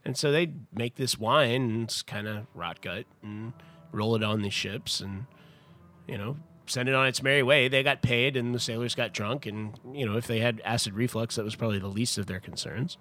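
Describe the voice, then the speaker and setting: In a mid-range voice with a sharp tone, a wine importer speaks at normal speed on a casual podcast. He tells a long, chatty story about wine history, full of restarts and side comments.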